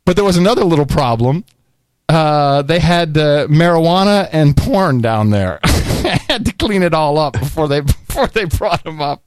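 A man's voice: on the high side, animated, normal speed, no echo, clean studio sound. A man co-hosting a podcast in casual chat, joking and chuckling often. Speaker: podcast co-host.

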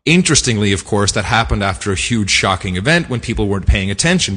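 Animated husky-voiced man podcasting. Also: lowish voice, fast, hardly any pauses, big-room sound. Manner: animated, indignant storytelling. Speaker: podcast co-host. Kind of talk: casual chat.

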